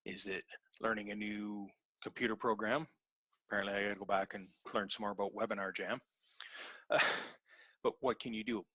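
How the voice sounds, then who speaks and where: A man's voice: lowish voice, level tone, fairly quick, pauses often, fairly bright tone, dry recording, lo-fi sound. A man giving an earnest, repetitive motivational talk in an online webinar. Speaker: webinar presenter.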